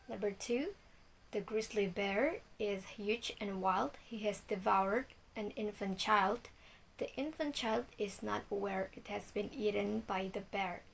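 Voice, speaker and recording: A woman's voice: medium pitch, gravelly, low-quality recording. Young woman, balinese accent, reading her class slides, slight hiss behind. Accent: Balinese Indonesian. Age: young adult. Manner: reads from a script with some slips. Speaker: student presenter.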